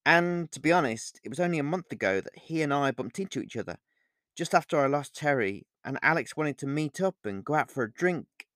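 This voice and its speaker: A man's voice: fairly high pitch, expressive, brisk, a bit bright, dry recording, clean studio sound. A man reading an audiobook, voicing a young woman who is tense and guarded and talks in a raised, emphatic, apologetic way. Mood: uneasy.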